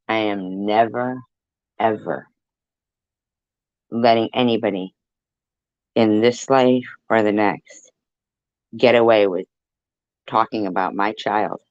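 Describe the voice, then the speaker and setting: A man delivering a profane, taunting rant straight to the camera, slow and deliberate. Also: lowish voice, fairly even intonation, no echo, dull audio.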